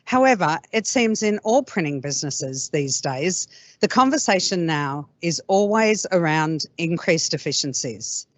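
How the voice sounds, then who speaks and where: A woman with an Australian accent giving a scripted corporate presentation in a measured manner. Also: lowish voice, no echo, muffled recording. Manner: measured, read-out delivery. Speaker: company presenter.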